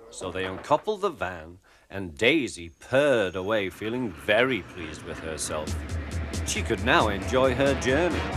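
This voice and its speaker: Male storybook narrator, unhurried, lively intonation, music bed under the voice. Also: on the low side. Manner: gentle, expressive storytelling.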